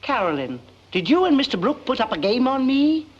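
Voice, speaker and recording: A woman's voice: high-pitched, sing-song, a little fast, slightly rough, heavily acted. An actress playing a caring aunt who runs a coffee shop, fussing and motherly, in 1940s film acting. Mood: suspicious. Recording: dull old film soundtrack.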